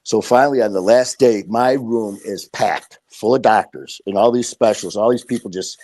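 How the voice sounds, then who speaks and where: A man's voice: on the low side, normal speed, darkish tone. A man as a podcast guest, telling his story casually and bluntly, swearing and acting out what people said. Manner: blunt, profane, acts out quoted dialogue.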